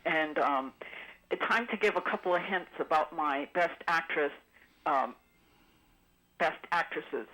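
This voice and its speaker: A low-voiced woman calls in to a radio show and rambles at length about trivia she recalls, saying "um" often. Her tone is fairly bright, but the audio quality is poor.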